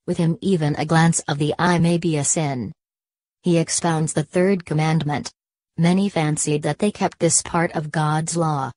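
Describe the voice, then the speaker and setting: A woman reading an old Bible commentary aloud in a measured, even way. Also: sits low, dry recording.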